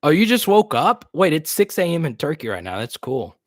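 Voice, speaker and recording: A man's voice: a little high, big pitch swings, fairly quick, no room sound, clean studio sound. A man hosting a casual live stream. He laughs often and repeats himself as he talks. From New Roads, Louisiana.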